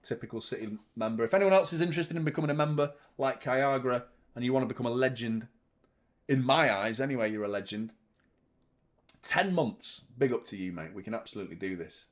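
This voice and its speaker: Male watchalong host, excitable live match reactions, loud, sweary. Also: mid-range voice, a little fast. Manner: excitable, swears, shouts at the play.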